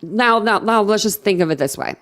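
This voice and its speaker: A woman with a drawl hosts a casual livestream discussion. She talks in an animated, emphatic way and repeats words for effect. Her voice sits in an ordinary middle register. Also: mid-range voice, a little fast. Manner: laughing, animated, emphatic repetition. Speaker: host.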